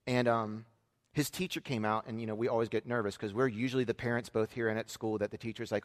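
A man in his thirties preaching a sermon, telling a family story in a conversational way that swings from hushed asides to loud emphasis. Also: mid-range voice, quick pace. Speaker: pastor. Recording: long hall reverb.

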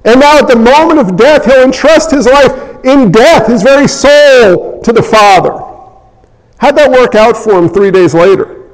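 A man preaching a sermon as a pastor, in an animated way, acting out scenes and little voices as he goes. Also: very high-pitched, normal speed. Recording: long hall reverb.

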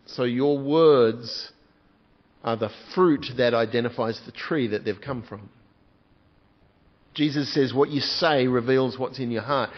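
A man's voice: medium pitch, unhurried, highs cut off. A man preaching a sermon as a pastor, earnest and putting direct questions to his congregation.

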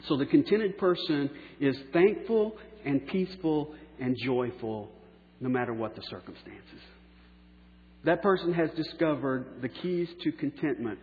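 A man's voice: on the high side, animated. Emphatic male preacher in an echoey hall. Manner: emphatic preaching, slowing down for key phrases and trailing off softly. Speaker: pastor. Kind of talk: sermon. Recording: echoey hall on a tinny phone-like line.

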